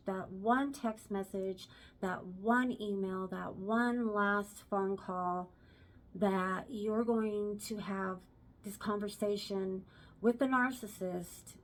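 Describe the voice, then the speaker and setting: A woman vlogger giving relationship advice in a casual talk to camera, chatty and repeating herself for emphasis. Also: mid-range voice.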